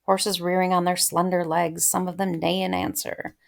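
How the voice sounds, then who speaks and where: A woman's voice: fairly low pitch, flat delivery, moderate pace, vocal fry. A woman teaching literature in a casual close-reading lecture, chatting and thinking aloud with many ums.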